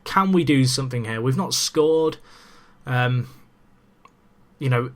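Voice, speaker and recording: A young man in casual let's-play commentary, chatty and excitable with self-mocking asides, talking into a desk microphone. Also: mid-range voice, takes it slowly. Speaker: gaming commentator.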